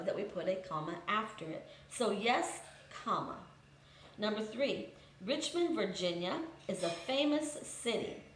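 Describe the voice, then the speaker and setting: Woman teacher walking thru grammar examples step by step, average pitch, bit of room echo. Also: slight background noise. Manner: patient, methodical, reads example sentences aloud then explains. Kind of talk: recorded grammar lesson for students.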